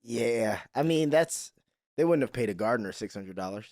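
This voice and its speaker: A man's voice: mid-range voice, expressive, normal speed, darkish tone, no room sound, clean studio sound. A man co-hosting a podcast, reacting with short, teasing interjections in casual chat. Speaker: podcast co-host.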